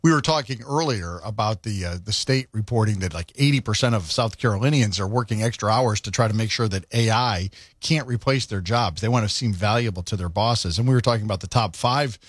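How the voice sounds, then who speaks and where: A man's voice: fairly low pitch, fairly quick, hardly any pauses, breathy edge, no room sound, studio quality. A male radio morning host talking casually and rambling with lots of fillers and restarts. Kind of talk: casual on-air chat.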